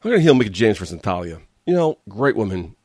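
A fairly low-voiced man rants in a blunt, sarcastic way, sounding worn out and exasperated. His voice sits close and dry with no room around it. It comes across as a casual talk-show take from a regular host. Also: very animated, fast talker, darkish tone, no room sound. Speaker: wrestling commentary host. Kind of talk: casual opinion rant.

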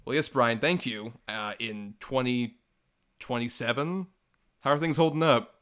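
Man, podcast co-host, mid-pitched voice, reads listener notes, earnest and grateful. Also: measured pace, a bit bright, smooth. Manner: earnest and grateful, laughs easily. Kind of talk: casual chat, reading listener messages aloud.

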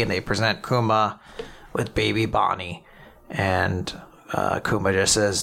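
A man's voice: fairly low pitch, level tone, a little slow, gravelly, sharp tone. A man hosting a casual podcast chat, summarizing comic chapters in a chatty, filler-heavy way. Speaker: podcast host.

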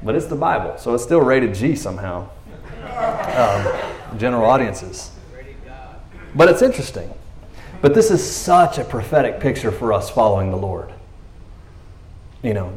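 A man's voice: medium pitch, expressive, a little slow, pauses often, a little mellow. A man preaching a casual sermon, chatty, laughing often and acting out the story. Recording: echoey room.

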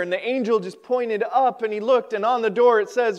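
High-voiced, smooth male pastor. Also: normal speed. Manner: animated, folksy storytelling with pitch swings. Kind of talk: sermon with storytelling. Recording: podcast recording.

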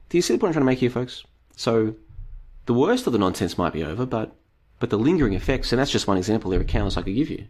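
A man hosts a live stream, reading chat comments aloud and rambling on, calling his audience "folks" and firing off rhetorical questions. His mid-range, darkish voice is animated and racing, though it's growing tired after two hours.

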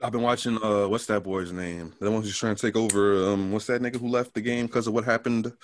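A man's voice: on the low side, steady tone, slight background noise. A young man co-hosting a podcast in casual chat, blunt and full of slang and swearing. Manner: blunt, rapid street slang, swears a lot. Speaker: podcast co-host.

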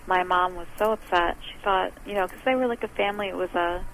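A woman's voice: lowish voice, fairly even intonation, fast talker, fairly bright tone, low-quality recording. A woman business owner is a guest on an interview, with faint noise in the background. She talks chattily and explains her ideas in simple, everyday examples. She often acts out what other people say. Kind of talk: conversational interview.

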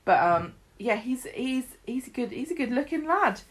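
A woman's voice: a little high, big pitch swings, moderate pace. Chatty woman, enthusiastic. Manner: chatty, enthusiastic, many fillers and restarts. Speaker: podcast co-host. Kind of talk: casual chat about a soap opera.

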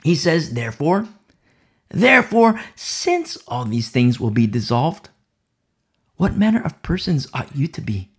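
A man preaching a sermon with fervent, dramatic delivery that swings from loud declarations to hushed whispers. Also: medium pitch, very animated, a little slow, breathy edge.

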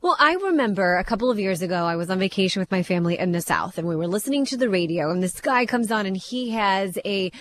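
A woman's voice: mid-range voice, animated, fast talker, hardly any pauses, no room sound. A woman hosting a financial talk radio show, chatting conversationally and with emphasis as she explains money topics.

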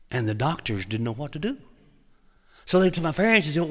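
A man's voice: fairly high pitch, big pitch swings, quick pace, bright, forceful tone, in a large hall. A man from Oklahoma, preaching and telling a testimony in a folksy, humorous, dramatic way. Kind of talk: sermon testimony storytelling.

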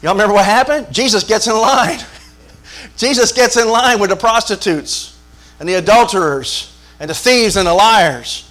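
High-voiced preacher calling for amens. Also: male voice, normal speed, a bit bright. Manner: emphatic call-and-response preaching, repetitive, joking. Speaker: pastor. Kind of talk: sermon.

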